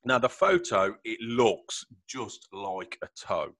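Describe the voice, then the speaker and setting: Chatty male podcast host, jokey, a bit low-pitched, close and dry. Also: very animated, slow, no echo. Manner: chatty, jokey, laughs loudly. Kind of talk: casual podcast chat.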